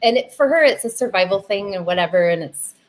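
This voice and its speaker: A woman on a live podcast stream, sharing a personal story softly and earnestly in casual chat. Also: medium pitch, lively intonation, fast, a little hiss or hum. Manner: soft, earnest and trusting storyteller. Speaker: podcast host.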